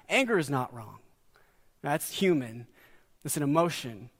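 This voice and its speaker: A middle-aged man preaching a sermon as a pastor, earnest and dropping to quiet emphasis on key words. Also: medium pitch.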